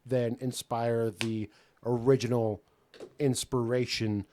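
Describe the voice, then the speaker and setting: A man's voice: mid-range voice, level tone, warm tone, a little hiss or hum. A man co-hosting a casual film podcast, joking and swearing as he trades notes. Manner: joking, profane, quick agreement. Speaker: podcast co-host. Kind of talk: casual film-review chat.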